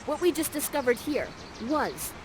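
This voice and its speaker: A young woman narrates a live interactive theater show in a high-pitched, sing-song voice at normal speed, against a noisy background. Bubbly and casual, full of "like," she guides the audience as an immersive theater actor.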